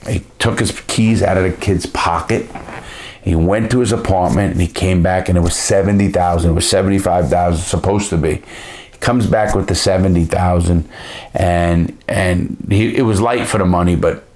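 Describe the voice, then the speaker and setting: A man with a deep, low voice tells stories in a casual, blunt way. He swears freely and often stops to restart his sentences. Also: steady tone, moderate pace, darkish tone. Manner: blunt, profane, with frequent restarts. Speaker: storyteller. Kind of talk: casual storytelling.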